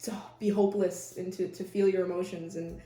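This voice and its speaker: A woman's voice: fairly low pitch, level tone, a little fast, dark tone, echoey room, far from the mic. A woman interviewing someone, reading prepared questions in a casual, hesitant way with many fillers.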